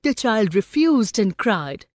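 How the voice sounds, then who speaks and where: A woman's voice: a little high, dry recording, clean studio sound. A woman teacher narrating a story for a class and then asking her students questions about it. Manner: slow, expressive storytelling.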